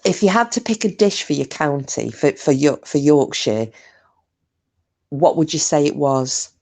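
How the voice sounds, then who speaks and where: A woman's voice: sits low, lively intonation, measured pace, darkish tone. A woman chatting casually with her live stream viewers, talkative and self-mocking, swearing freely.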